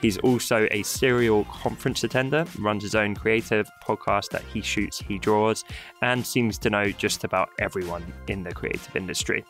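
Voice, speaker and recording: Bright-voiced British podcast host. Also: male voice, fairly low pitch, steady tone, moderate pace, soft background music. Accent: British English. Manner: playful, teasing, enthusiastic. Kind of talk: upbeat podcast chat with jokes.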